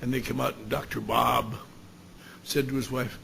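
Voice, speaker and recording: A man's voice: mid-range voice, little pitch movement, moderate pace, gravelly, long pauses, pushed and bright, slight background noise. A man telling a story at a recovery meeting, blunt and wry, with salty language. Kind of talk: storytelling talk.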